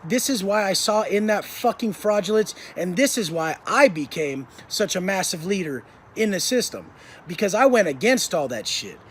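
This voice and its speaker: A man with a notably high voice tells prison stories in a blunt, intense monologue. He swears constantly and bites down hard on his words, and faint outdoor noise hums behind him. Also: lively intonation, moderate pace, fairly bright tone. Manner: intense, blunt and swearing heavily, acting out others' lines. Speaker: host telling prison stories. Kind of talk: profane storytelling monologue.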